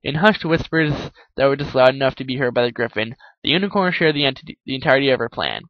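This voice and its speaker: A man's voice: medium pitch, expressive, fast, no room sound, lo-fi sound. A man reading fan fiction aloud in a casual way, often stumbling and correcting himself. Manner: stumbles, self-corrects, laughs at the text. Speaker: narrator.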